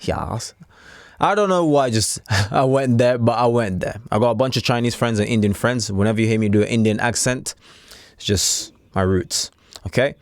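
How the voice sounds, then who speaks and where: A man's voice: medium pitch, normal speed, no room sound, studio quality. A man talking casually to camera as a trading coach, chatty and repetitive, with streetwise slang. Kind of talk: casual unscripted talk to camera.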